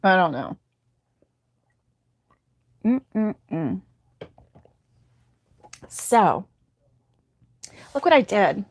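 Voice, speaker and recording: This crochet host speaks at medium pitch with big swings in pitch, extremely slowly and with long pauses. Yawning and sleepy, she reads the live chat, greets viewers by name, and ums and laughs a lot.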